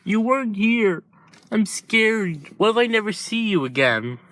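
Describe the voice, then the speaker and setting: A man's voice: high-pitched, big pitch swings, measured pace, pushed and bright, pitched above the performer's own voice, full character voice. A man voicing a frightened little boy who is crying and pleading for his brother in a fan story. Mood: scared, tearful. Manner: tearful, pleading.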